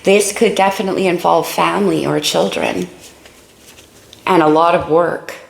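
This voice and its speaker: A woman with a low, creaky voice reads tarot cards in a casual way, thinking aloud and exclaiming over each card. Her voice rings in an echoey room with a faint hiss behind it. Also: steady tone, moderate pace. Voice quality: creaky morning voice. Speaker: tarot reader. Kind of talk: casual tarot reading to camera.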